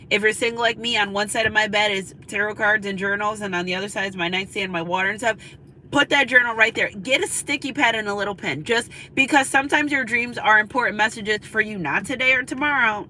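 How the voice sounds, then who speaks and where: A woman's voice: medium pitch, bright, forceful tone, a little hiss or hum, poor audio. A woman giving a spiritual tarot reading, talking in a chatty, confiding way and often checking in with her listeners. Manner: chatty, confiding, repeats "you know what I'm saying". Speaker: tarot reader. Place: in a car.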